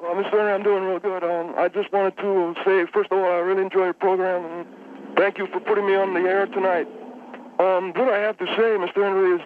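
A man voicing an earnest, deferential male caller who stubbornly defends his favorite drummer, halting and full of fillers. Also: sits high, flat delivery, phone-quality sound, slight background noise, voice pushed up, natural voice. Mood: indignant. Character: earnest polite male caller, adult, indignant music fan.

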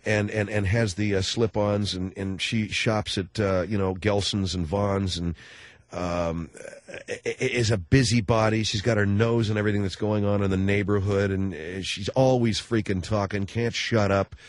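A man with a fairly low voice hosts a talk radio show, recorded dry and close in the studio. He rambles along with many fillers and restarts, joking as he goes. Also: fairly even intonation, normal speed, dry recording. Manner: jokey, breaks into mocking voices. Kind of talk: talk radio chat with callers.

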